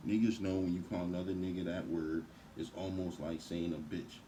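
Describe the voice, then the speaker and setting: A man's voice: low-pitched, level tone, brisk, background noise. A man on a heated, profane, rambling rant to camera.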